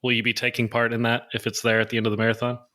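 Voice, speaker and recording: A man's voice: mid-range voice, completely flat delivery, very fast, pushed and bright. Man explaining beer details casually. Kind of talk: casual chat.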